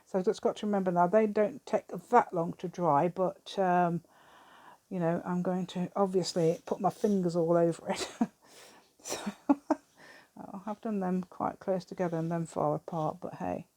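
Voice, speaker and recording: A woman's voice: lowish voice, fairly even intonation, moderate pace, warm tone, dry recording. A British woman hosting a craft channel, chatting through a crafting demonstration and rambling to herself with giggly asides.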